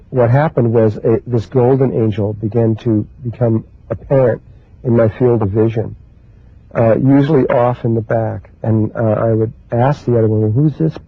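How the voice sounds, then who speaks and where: A man speaks at a middle pitch with a husky, breathy edge, giving a spiritual talk. He moves slowly and haltingly through his thoughts. The sound is dry and thin, like it came down a phone line. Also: dry recording. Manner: slow, halting, with many pauses and restarts. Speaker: spiritual teacher.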